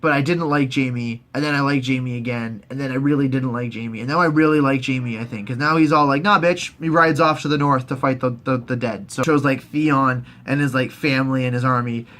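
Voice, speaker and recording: A man's voice: fairly even intonation, brisk, hardly any pauses, a bit bright. Rambling, foul-mouthed man recapping a show. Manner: rambling, profane, jumps into squeaky put-on voices. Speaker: host. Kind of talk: casual profane TV recap.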